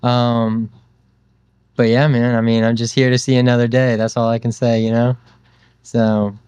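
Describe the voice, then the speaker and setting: A young man in his twenties talks casually, rambling through a story with plenty of fillers. His voice is smooth and resonant, recorded dry and close. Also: medium pitch, little pitch movement, moderate pace, a little mellow, no echo. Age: 20s. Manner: rambling, loose, lots of fillers and "dude". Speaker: podcast guest.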